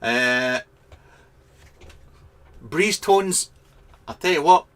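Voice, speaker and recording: A man's voice: on the high side, lively intonation, drawn-out words, a bit bright. A Scottish man in a garden shed, talking casually into a webcam as he reads out viewer comments and jokes around, full of ums and restarts. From Scotland. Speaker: vaping product reviewer reading viewer comments. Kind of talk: casual live chat vlog.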